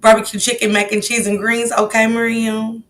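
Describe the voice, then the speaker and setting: A woman's voice: on the high side, flat delivery, moderate pace, fairly bright tone. A woman hosting a casual livestream, chatting easily and greeting her viewers one by one by name. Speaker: livestream host.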